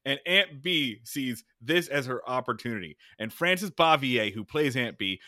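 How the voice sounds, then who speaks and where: A man co-hosting a casual podcast chat, recapping a TV episode in a lively, swearing way. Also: mid-range voice, unhurried, no room sound, studio quality. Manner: animated, swearing, recapping scenes. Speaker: podcast co-host.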